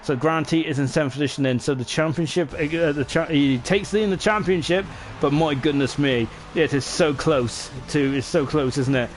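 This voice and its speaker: A man doing live sim racing commentary, chatty and excitable, with lots of fillers and tag questions, who rises into shouts at the finish. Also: a little high, moderate pace, hardly any pauses, slight background noise. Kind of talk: live esports race commentary.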